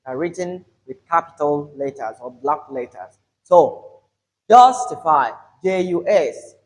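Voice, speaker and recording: A man's voice: fairly high pitch, measured pace, low-quality recording. A man teaching an English lesson on word stress, stretching out example words with emphasis. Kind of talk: classroom-style video lesson.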